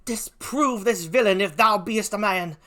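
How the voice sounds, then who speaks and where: A man doing a bright shrill outraged woman. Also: unhurried. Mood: pleading. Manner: high, cries out in outrage. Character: outspoken loyal woman, servant wife. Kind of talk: one-man Shakespeare reading.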